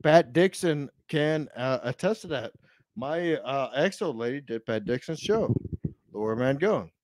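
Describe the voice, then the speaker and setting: A man talking as a podcast guest in brash, profane, rambling casual chat, swinging between loud outbursts and low mutters. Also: expressive, unhurried, no room sound.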